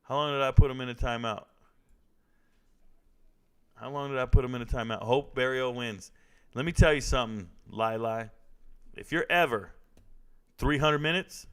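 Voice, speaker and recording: A young man hosts a casual live stream from his computer, reading comments aloud and firing back jokes and playful trash talk. His voice is smooth and clear, sitting at an ordinary middle pitch, and his speech is loose and full of slang. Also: moderate pace, pauses often. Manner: joking, trash-talking, slangy. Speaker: livestream host reacting to fights.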